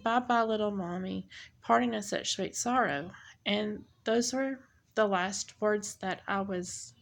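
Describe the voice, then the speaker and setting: A woman giving a personal testimony, speaking haltingly with many pauses and restarts. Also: medium pitch, vocal fry. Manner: halting, with frequent ums and restarts. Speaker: speaker sharing her testimony. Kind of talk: personal testimony, unscripted storytelling.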